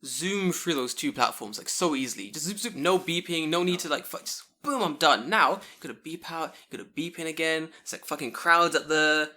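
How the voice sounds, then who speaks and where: A man hosting a casual podcast, telling animated stories and swearing freely. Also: a little high, a little fast, few pauses. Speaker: podcast host.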